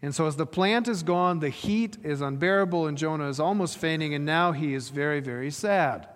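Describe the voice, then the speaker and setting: A man's voice: on the high side, fairly quick. Man preaching in a reverberant hall. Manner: lively preaching with rhetorical questions. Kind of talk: sermon.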